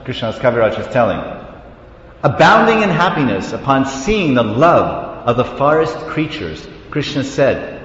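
A man giving an animated devotional class, telling stories with laughter and bursts of song. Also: medium pitch. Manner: animated storytelling, laughs, sings syllables. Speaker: preacher. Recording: roomy hall with long reverb, dull lo-fi sound.

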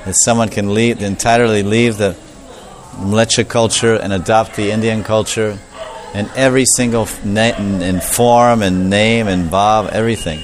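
A man preaching a storytelling sermon, animated and repetitive, acting out the voices of the characters. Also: on the low side, moderate pace, soft background music.

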